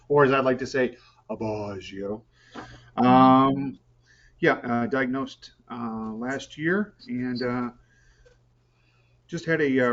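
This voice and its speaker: A man in a support group sharing his story on a video call, talking hesitantly with lots of fillers and restarts. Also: mid-range voice. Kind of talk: casual chat on a video call. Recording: slightly muffled call audio.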